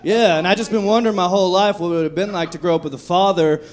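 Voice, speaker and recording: A man from Texas performing a live stand-up set on a comedy club stage, with profane, dark, self-mocking jokes. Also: high voice, steady tone, fast. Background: audience laughter.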